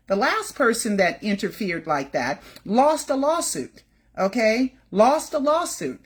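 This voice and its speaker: A woman's voice: a little high, very animated, a little slow, slightly rough. A middle-aged woman hosting a casual, rambling commentary video on celebrity news, chatty and defensive, with lots of fillers and repeated words.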